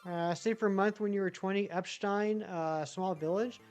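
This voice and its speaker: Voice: medium pitch, fairly even intonation, moderate pace, darkish tone, lo-fi sound. A live streamer with a general American accent, casually reading chat messages aloud and answering them at length.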